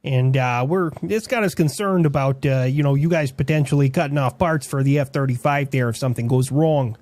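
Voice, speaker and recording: A man's voice: medium pitch, a little fast, darkish tone, no room sound, natural voice. A man voicing a polite, hesitant Canadian man, a country personified, with a put-on Canadian accent and lots of fillers. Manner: hesitant, apologetic, filler-heavy.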